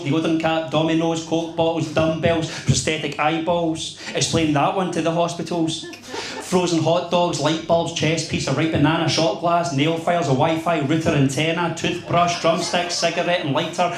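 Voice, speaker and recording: A male poet performing a poem live on stage, rattling off lists in a rhythm and adding amused asides. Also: fairly high pitch. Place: bar venue, live event. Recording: echoey room with faint noise.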